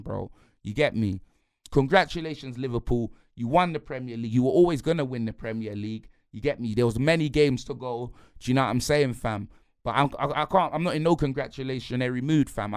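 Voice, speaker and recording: A man's voice: medium pitch, brisk, clean tone, dry recording, studio quality. A man ranting angrily about his football team, in heavy slang. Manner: heated, slangy, repetitive, punctuates lines with "blood" and "fam". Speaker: football fan pundit. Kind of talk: angry football rant.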